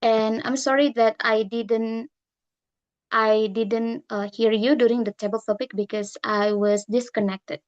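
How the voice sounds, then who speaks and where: A woman with a fairly high voice reads out filler counts in a slow, methodical way. She speaks over a video call, and the audio comes through a little dull and muffled. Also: little pitch movement. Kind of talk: online meeting report. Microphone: computer mic on a video call.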